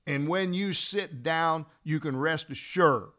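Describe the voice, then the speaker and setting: A man teaching fellow trial lawyers, telling a story and acting out the dialogue, then slowing down to stress his key points. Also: fairly high pitch. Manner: acts out dialogue in a lively storytelling way. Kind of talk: storytelling lecture.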